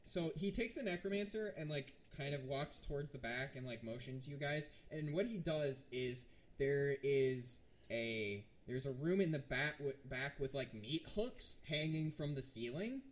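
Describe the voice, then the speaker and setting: A man's voice: medium pitch, animated, a little slow. A man narrating a tabletop game as game master, talking casually with frequent restarts. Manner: hesitant, many restarts and fillers.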